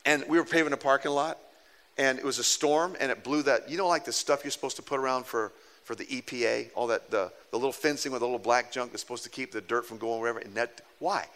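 A man's voice: medium pitch, quick pace. A middle-aged man preaching a sermon, telling a story with humor and acting out the people in it. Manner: animated, self-mocking storyteller who acts out quoted people. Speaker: pastor.

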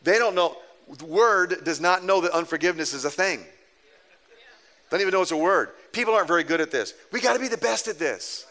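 A man's voice: high-pitched, fairly quick. A middle-aged man preaching a sermon, telling a story with humor and acting out the people in it. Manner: animated, self-mocking storyteller who acts out quoted people. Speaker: pastor.

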